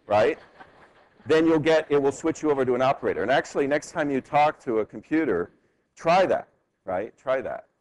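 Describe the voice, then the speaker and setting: A man teaching a law class in a university lecture hall. He speaks conversationally and keeps asking the class "right?" as he goes. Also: fairly low pitch. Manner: conversational, frequent tag "right?", animated rhetorical questions. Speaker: law professor.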